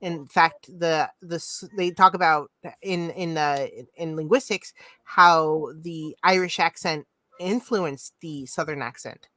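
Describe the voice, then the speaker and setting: A woman's voice: sits low, takes it slowly, a bit bright, no echo. A woman in casual podcast talk, explaining her points in a thoughtful way. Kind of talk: casual chat.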